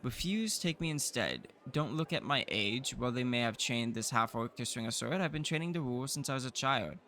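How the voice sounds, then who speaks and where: A man's voice: mid-range voice, animated, a little fast, pushed and bright. A man reading out the lines of a self-assured young male noble heir in a fantasy game. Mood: persuasive. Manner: confident, persuasive. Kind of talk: reading game dialogue aloud.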